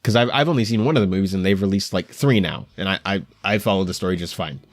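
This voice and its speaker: A young man hosting an anime news show, talking in a rambling, animated way with frequent stammers and restarts. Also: deep voice, fast talker, dry recording. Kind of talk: casual solo commentary. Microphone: headphones while recording at home.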